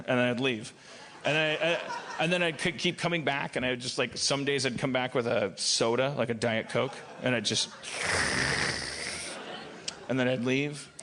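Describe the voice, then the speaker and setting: A man's voice: medium pitch, moderate pace, sharp tone, a little hiss or hum. A man hosting a comedy podcast on a club stage, riffing at length in a profane, meandering way with many restarts. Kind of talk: rambling comedic riff before a live audience.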